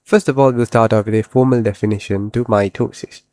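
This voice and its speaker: A man giving a recorded biology lesson, asking questions and then answering them himself, and slowing down to stress key terms word by word. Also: fairly low pitch, steady tone, darkish tone, no room sound. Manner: explanatory, asks and answers his own questions. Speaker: biology teacher.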